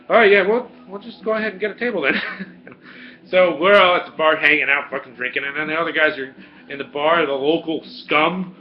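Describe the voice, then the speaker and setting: A man's voice: mid-range voice, muffled recording. A man in his forties, casually telling a profane story and answering viewer questions as host, laughing often. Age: 40s. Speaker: video Q&A host.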